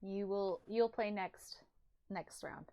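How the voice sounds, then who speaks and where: A woman running a tabletop game as game master on a stream, laughing often and quick to apologise. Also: mid-range voice, steady tone, mellow.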